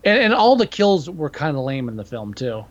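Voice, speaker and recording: A man's voice: on the high side, very animated, normal speed, dull audio. A man co-hosting a podcast, chatting casually about a horror film with profanity and rambling opinions. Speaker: podcast co-host. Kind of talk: casual movie review chat.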